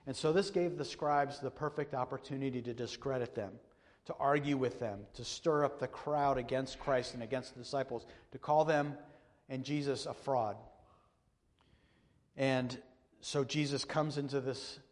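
Male pastor, earnest and measured, mid-range voice, preaching in a reverberant church hall. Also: mid-range voice, fairly even intonation. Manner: earnest, measured, repeats and restarts phrases. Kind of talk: sermon with scripture reading.

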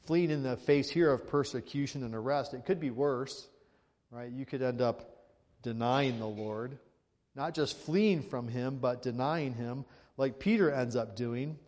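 A man's voice: medium pitch, measured pace, darkish tone, big-room sound. A male pastor preaching a sermon in a conversational way, reading scripture aloud and asking the congregation rhetorical questions.

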